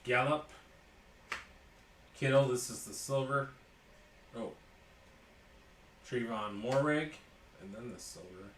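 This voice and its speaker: A man's voice: mid-range voice, lively intonation, slow, pauses often, a bit bright, roomy sound, recorded from a distance, a little hiss or hum. A man hosting a live sports card break, calling out each card as he opens packs and chatting with viewers by name. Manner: calls out cards as he opens packs, jokes and talks to viewers by name.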